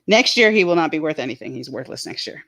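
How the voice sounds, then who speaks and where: Reading viewer comments on a laid-back livestream she co-hosts, this woman giggles constantly and breaks into laughing fits. She speaks fast in a low, expressive, fairly bright voice.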